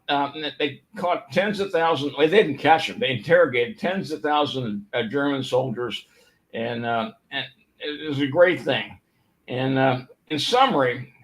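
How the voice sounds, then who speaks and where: A man's voice: on the high side, low-quality recording. An older man giving an informal history talk, telling stories with many fillers and restarts. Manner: storytelling, rambling with fillers and restarts.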